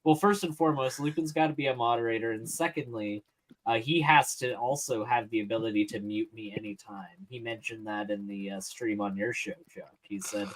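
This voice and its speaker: A man's voice: medium pitch, expressive, fairly quick, a little hiss or hum, low-quality recording. A man from Canada chatting casually as a guest on a live stream, telling a long story in a rambling way. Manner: rambling storyteller, restarts and fillers. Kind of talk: casual chat.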